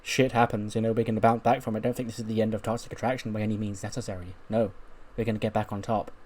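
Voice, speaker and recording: A man's voice: lowish voice, flat delivery, quick pace, a little mellow, natural voice. A man voicing a brash female wrestler who boasts and brushes off her rivals, in a cocky, taunting manner. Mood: boastful.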